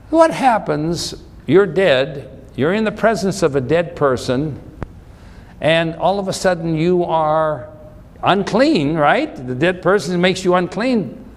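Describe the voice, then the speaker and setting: A man preaching a Bible teaching sermon, explaining scripture with questions to the listeners and repeating and restarting phrases. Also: high voice. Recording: long hall reverb.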